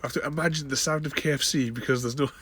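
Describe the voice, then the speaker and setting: A man chatting casually outdoors in a garden, talking softly to his pet chickens in cooing baby talk and laughing often. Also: fairly high pitch, steady tone, racing, breathy edge. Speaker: vlogger.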